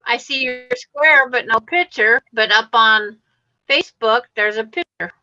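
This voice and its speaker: A woman's voice: fairly high pitch, a little slow, pushed and bright, dry recording. A woman hosting a casual video-call chat, giving running commentary on what she sees on screen. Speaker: livestream host. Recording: muffled, dry online call audio.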